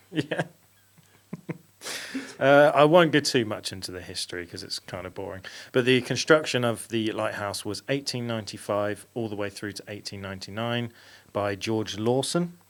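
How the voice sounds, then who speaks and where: Speaking at normal speed in a lowish voice, a man hosting a paranormal podcast reads out a story with mock drama. The talk is casual, and he laughs frequently along the way.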